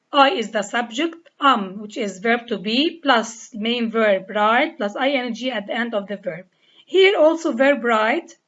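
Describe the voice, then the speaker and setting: Lebanese woman teacher, deliberate and slow, spells words out letter by letter, muffled lo-fi sound. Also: a little high, fairly bright tone. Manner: spells out letters and repeats each rule step by step. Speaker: English teacher. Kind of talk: slow, deliberate grammar lesson. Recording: dull lo-fi recording.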